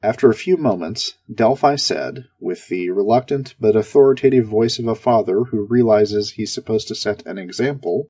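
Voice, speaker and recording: Brief: low, husky male narrator, dry dark humor, first-person audiobook. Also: normal speed, hardly any pauses. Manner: sardonic, darkly comic.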